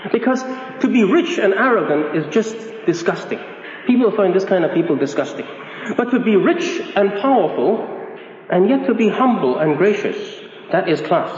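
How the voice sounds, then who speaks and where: A man's voice: sits high, darkish tone. A man preaching a sermon in a conversational, emphatic way, repeating key phrases. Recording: echoey hall, dull sound.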